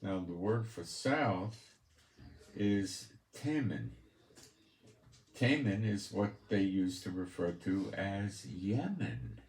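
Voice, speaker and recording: Slow and sing-song, with hardly any pauses, a low-voiced man from Israel preaches from the Bible. He is a preacher and teacher who reads passages loudly and comments on them bluntly and scornfully, recorded in an echoey space.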